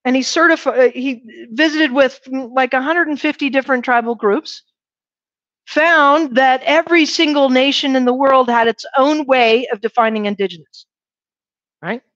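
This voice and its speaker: A woman's voice: sits high, normal speed, no room sound. A woman lecturing a university class, often checking in with "right?" and asking the students questions. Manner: lively, poses questions to the class. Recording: dull, dry classroom recording.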